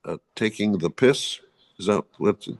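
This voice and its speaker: A man's voice: fairly low pitch, expressive, unhurried. An older man in his seventies, a musician guest telling stories in a blunt, opinionated and profane way. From United States. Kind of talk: casual interview storytelling.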